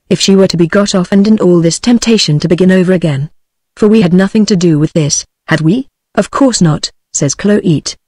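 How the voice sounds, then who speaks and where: A woman's voice: on the low side, dry recording. Dry British text-to-speech woman narrator. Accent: British English. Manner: even, synthetic text-to-speech reading. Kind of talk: audiobook narration.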